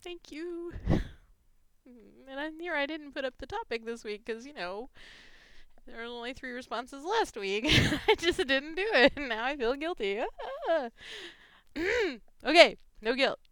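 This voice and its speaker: A woman's voice: high voice, expressive, measured pace, a bit bright, dry recording. A woman chatting casually on her vlog, giggling often and gushing emotionally. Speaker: fan fiction vlogger. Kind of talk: casual chat reading gifts.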